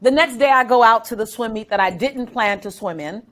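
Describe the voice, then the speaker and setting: A middle-aged woman, a guest, telling a story with dramatic, animated delivery. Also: on the high side, a little fast. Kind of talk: storytelling interview.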